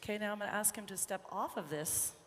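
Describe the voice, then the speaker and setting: A woman horse trainer giving a live riding demonstration, chatting, joking and softly coaxing her young horse. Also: medium pitch, fast talker. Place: large indoor arena. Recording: echoey arena with faint background noise.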